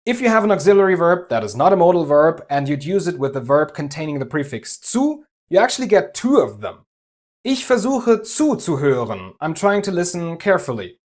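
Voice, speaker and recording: A man from Germany with a German accent, giving a clear, methodical language lesson with light humor. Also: fairly high pitch, big pitch swings, brisk. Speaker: language teacher. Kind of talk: scripted explanatory lesson.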